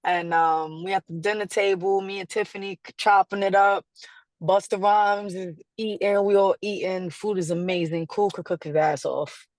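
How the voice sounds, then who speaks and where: A woman being interviewed, telling a story in a casual, animated way, acting out quotes and laughing often. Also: mid-range voice, normal speed, dry recording. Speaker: guest artist.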